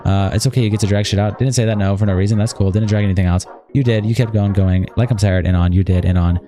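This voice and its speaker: A man on a livestream reads out a quarrel straight from a document. His voice sits low and mellow, and he rattles through the lines at great speed, swearing as he goes. Soft music plays faintly behind him. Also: steady tone. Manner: rapid, run-on reading with heavy swearing. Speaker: streamer. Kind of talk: reading an argument aloud from a document.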